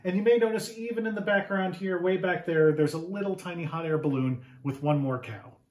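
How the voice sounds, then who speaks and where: A man reading his picture book aloud to children, animated and asking the listeners questions. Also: sits high, a little fast, reverberant.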